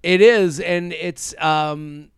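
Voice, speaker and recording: A man's voice: a little high, drawn-out words, clean tone, no echo, studio quality. A man co-hosting a podcast, chatting casually and acting out quotes in playful voices. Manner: animated, acts out quotes in funny voices. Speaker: podcast co-host. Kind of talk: casual recap chat.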